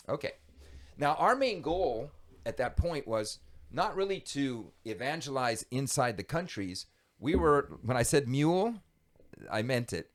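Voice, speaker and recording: A man's voice: mid-range voice, a little slow. A man telling a tale from his past as a podcast guest, his voice rising and falling with real animation. He laughs easily and leans into the dramatic beats. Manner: animated, lively storyteller who laughs easily. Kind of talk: conversational storytelling.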